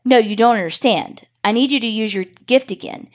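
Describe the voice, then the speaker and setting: A woman doing a softly begging young brother. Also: fairly high pitch, fairly quick, natural voice. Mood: insistent. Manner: soft, insistent begging. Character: pleading young boy, a desperate older brother.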